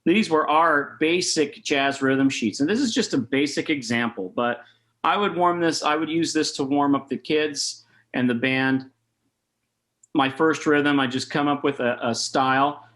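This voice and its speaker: A man's voice: fairly high pitch, a little slow, a bit bright. Chatty man teaching jazz rhythm. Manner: casual, chatty, scats rhythms aloud. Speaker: jazz saxophone clinician. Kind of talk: online master class talk. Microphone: video call.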